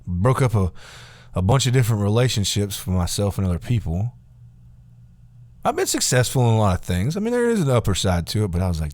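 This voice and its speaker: Profane rambling man with a lively pitch. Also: a little fast, long pauses, no echo. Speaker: vlogger. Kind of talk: casual rant to camera.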